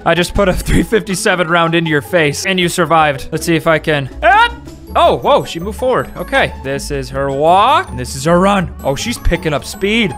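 A young man giving joking, excitable commentary over gameplay, breaking into loud squeals and laughs. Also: a little high, moderate pace, hardly any pauses, faint music behind. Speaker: gaming video host.

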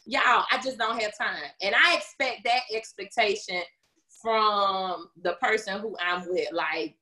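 A woman's voice: mid-range voice, a little slow, sharp tone. A woman co-hosting a casual chat, direct and sarcastic, asking the group pointed questions. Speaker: co-host.

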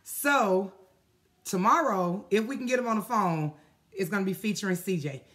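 A woman's voice: medium pitch, moderate pace, a bit bright. Woman, casual live stream host, chatty, filler words. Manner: chatty, laughing, many fillers.

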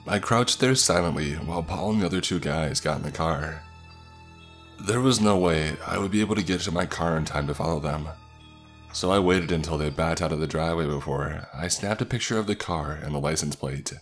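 A man reading a horror story aloud as a scripted narration, in a measured, suspenseful way. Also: extremely low pitch, faint music behind.

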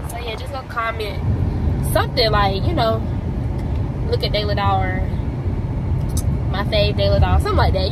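A woman's voice: a little high, heavy background noise. Slangy, blunt young woman vlogging. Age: young adult. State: stressed, near tears. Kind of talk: casual vlog chat.

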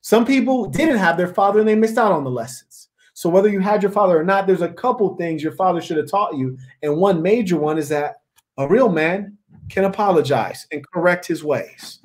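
A man's voice: sits high, a little fast. A man hosting a discussion, talking in an emphatic, preachy way and repeating his key words for weight. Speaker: podcast host. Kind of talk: opinionated discussion.

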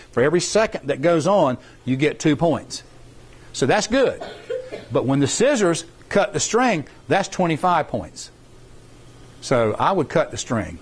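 Folksy man teaching a workshop. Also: fairly high pitch. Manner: folksy, rambling, repeats points for emphasis. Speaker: science competition workshop instructor. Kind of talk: informal classroom explanation.

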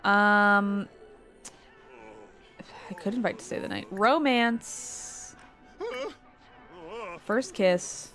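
A woman's voice: mid-range voice, extremely slow, pauses often, over music. A woman streamer giving casual gameplay commentary, exasperated and swearing, with muttered asides.

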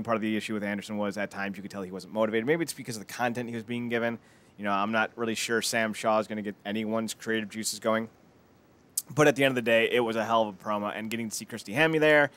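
A man co-hosting a podcast in casual chat, animated and prone to acting out quotes loudly. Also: lowish voice. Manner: animated, acts out quotes with loud outbursts. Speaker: podcast co-host.

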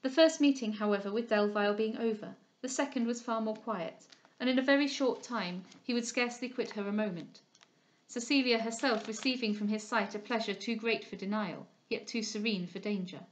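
A woman reading a classic novel aloud as an audiobook reader, with expressive, measured storytelling. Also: fairly high pitch.

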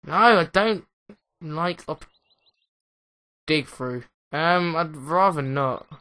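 A young man with an English accent gives rambling, excitable let's play commentary, often mocking himself. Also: on the high side, slow pace, clear, resonant tone. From England. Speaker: gaming commentator.

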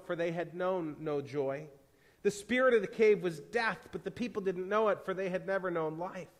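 A man preaching a sermon as pastor, earnest and storytelling. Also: high voice. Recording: reverberant church hall.

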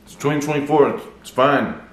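A male YouTuber delivering a mocking call-out vlog, taunting and deliberate. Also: medium pitch, echoey room, slight background noise.

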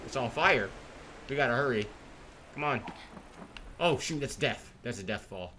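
A young man giving casual, slangy commentary while playing a game, chatting excitedly and reading in-game text aloud. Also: medium pitch, normal speed, a little hiss or hum. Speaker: gamer. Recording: faint game music behind.

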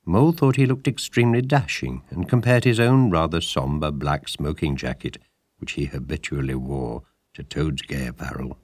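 A man with a very low voice reads a storybook aloud, measured and lively in his telling. The recording is close and dry, with no room sound. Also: breathy edge, no room sound. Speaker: audiobook narrator. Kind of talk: scripted storybook narration.

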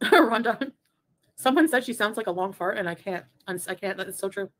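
A woman's voice: mid-range voice, animated, fairly quick. A woman co-hosting a casual livestream, reading chat messages with sarcastic remarks and frequent laughter. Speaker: livestream co-host.

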